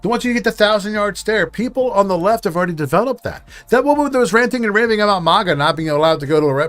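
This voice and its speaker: A man's voice: high voice, lively intonation, quick pace, few pauses, fairly bright tone. A man hosting a reaction commentary show, sarcastic, mocking and profane.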